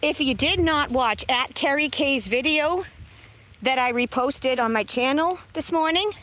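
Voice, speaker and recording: Brash high-voiced woman livestreaming. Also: a little slow, pushed and bright, a little hiss or hum. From south of Boston, USA. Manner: brash, mocking, laughs often, swears. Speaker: livestream host. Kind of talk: casual livestream chat. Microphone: phone camera.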